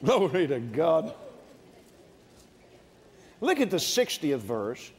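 A male preacher delivering a fervent sermon, often shouting and breaking into laughter. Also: a little high, wildly swooping pitch, slow pace, in a large hall.

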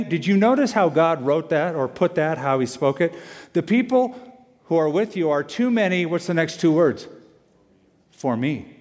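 Animated preacher in an echoing hall. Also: male voice, a little high. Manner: animated preaching, repeats key lines for emphasis. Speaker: pastor. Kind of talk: sermon. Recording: long hall reverb.

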